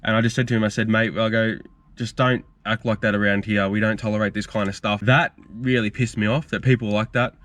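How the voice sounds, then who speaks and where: A man's voice: fairly low pitch, level tone, brisk, a bit bright. A young man, hosting a car channel and telling stories in a casual, rambling, frank Q&A vlog. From Australia. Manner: rambling, frank, storytelling with fillers.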